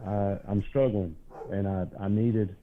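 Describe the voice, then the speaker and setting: A man's voice: lowish voice, fairly even intonation, measured pace, background noise. A man calling in to a show, talking earnestly and at length, with a self-mocking edge. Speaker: caller. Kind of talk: casual call-in chat. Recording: tinny phone line.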